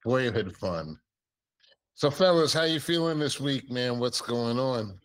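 A man's voice: mid-range voice, lively intonation, unhurried, a bit bright. A man hosting a podcast, joking and teasing his co-hosts in casual chat. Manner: playful, teasing. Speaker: podcast host.

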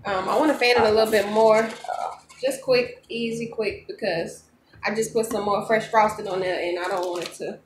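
A woman's voice: mid-range voice, fairly even intonation, moderate pace, echoey room, slight background noise. A woman, chatting casually to viewers while making something at home, laughing often. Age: 30s. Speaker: vlogger. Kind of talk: casual vlog chat. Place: home kitchen at night.

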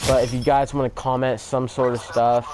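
A man's voice: mid-range voice, little pitch movement, moderate pace, music in the background. A young man telling a rambling story-time vlog, swearing often and leaning on "like". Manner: rambling, swears a lot, fillers like "like". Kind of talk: casual story time over gameplay. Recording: gameplay gunfire noise behind. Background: video game gunfire.

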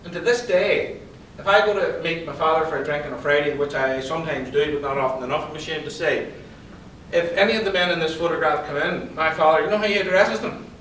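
A man with a slightly raised voice gives a lively motivational talk, mixing stories with questions for the room. His voice carries through a big echoing hall. He sounds a little distant from the microphone. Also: on the high side, fast, slight background noise. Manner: lively storyteller, quizzes the audience. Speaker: conference speaker and psychologist. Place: event hall. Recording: roomy hall, distant pickup.

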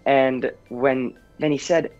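A man's voice: mid-range voice, steady tone, takes it slowly, darkish tone. A teenage boy actor chatting earnestly in an interview, with many ums and restarts. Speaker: actor guest. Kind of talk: casual interview chat. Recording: dull lo-fi sound with faint music.

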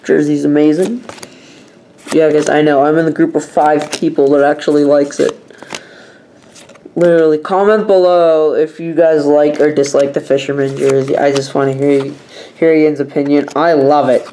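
A man's voice: on the high side, little pitch movement, moderate pace, dark tone, slight background noise. A young man chatting casually in his own vlog, rambling and emphatic in his opinions. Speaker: vlogger.

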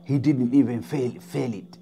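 Dark-voiced man telling a dramatic story. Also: mid-range voice, fairly even intonation, normal speed, creaky. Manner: dramatic, repetitive, drops to whispers. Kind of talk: spoken storytelling.

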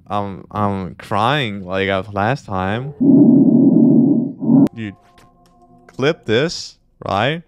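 Excitable, swearing young male streamer. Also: mid-range voice, no room sound. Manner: excitable, profane, laughing, reacting loudly to the game. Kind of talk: casual live-stream gaming chat.

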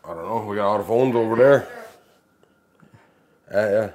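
A man's voice: on the low side, moderate pace, darkish tone. A man co-hosting a joke-reading game, chatting casually with mumbled asides and easy laughter. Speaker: co-host.

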